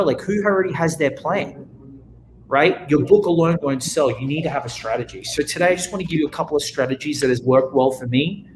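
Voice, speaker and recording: An Australian man giving an energetic motivational talk as a guest speaker, often acting out what people say. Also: a little high, slight background noise, poor audio. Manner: energetic, animated, acts out quotes.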